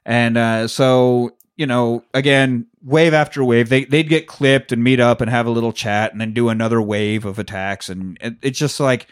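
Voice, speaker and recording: A man's smooth, mid-range voice runs at normal speed with few pauses as he co-hosts a podcast. In a casual film recap he's profane and jokey, laughs a lot, and acts out scenes.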